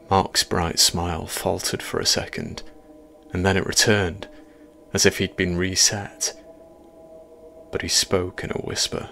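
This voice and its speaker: A man reads a first-person horror tale in a measured, quietly ominous manner. His voice sits very low, with a rough, gravelly edge. A faint hiss of noise lies under the reading. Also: level tone. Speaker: horror story narrator.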